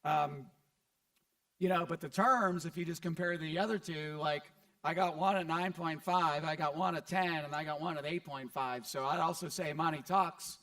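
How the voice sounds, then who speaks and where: A man's voice: fairly high pitch, normal speed, a bit bright, far from the mic. Chatty man coaching at a seminar. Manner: conversational, repeats words, acts out what he'd say. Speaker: multifamily investing coach. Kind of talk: live seminar feedback. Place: event stage before an audience.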